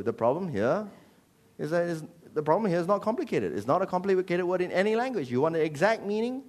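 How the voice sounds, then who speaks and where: A man preaching a sermon as pastor, animated and jokey. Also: high voice, fast talker. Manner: animated, jokey, switches into voices.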